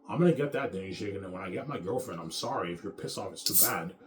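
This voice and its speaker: A man in his thirties rants to camera in a bitter, rambling and profane way. He talks very fast in a lowish voice. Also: animated, slight background noise. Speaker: vlogger. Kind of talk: casual rant to camera.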